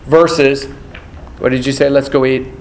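A man's voice: mid-range voice, steady tone, normal speed, a little mellow, reverberant, a little hiss or hum, poor audio. A man teaching a nursing exam prep class, quizzing students and acting out exam scenarios. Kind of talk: classroom lecture.

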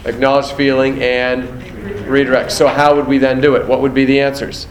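A man's voice: mid-range voice, level tone, moderate pace. Echoey lecturing man, quizzing students. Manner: quizzing students, acting out exam scenarios. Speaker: nursing exam instructor. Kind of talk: classroom lecture.

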